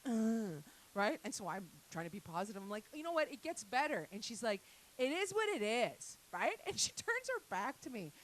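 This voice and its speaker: At a comedy night venue, a woman from an Italian-Canadian family performs a crude, rambling stand-up set, tossing plenty of asides to the crowd. Her voice is a little high and sing-song at normal speed, and the poor audio carries some hiss or hum.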